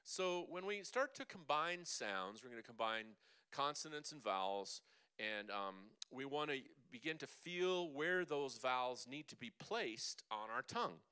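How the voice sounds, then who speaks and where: In a church hall, a vocal coach leads a group workshop, guiding people through breathing and humming exercises and demonstrating the sounds himself in an upbeat, coaxing way. His medium-pitched voice is expressive, pushed and bright, with a clean tone and a measured pace.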